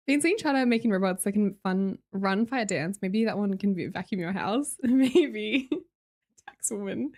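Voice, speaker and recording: A woman's voice: fairly high pitch, moderate pace, darkish tone. An Australian woman streamer in casual live-stream chat, reading viewer messages aloud, chatty and laughing often.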